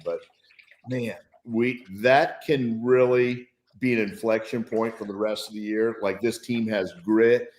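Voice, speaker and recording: Brief: male sports guest, low voice, keen and reflective, heard in a roomy space. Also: fairly even intonation, a little slow. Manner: enthusiastic, reflective. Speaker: guest football analyst. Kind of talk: casual sports talk.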